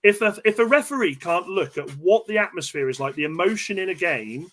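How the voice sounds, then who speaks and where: A man in his thirties hosting a casual football podcast from home, animated, swearing, and restarting his sentences. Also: high voice, fairly quick. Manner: animated, swearing, repeats himself, stumbles over restarts. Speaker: podcast host. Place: home room.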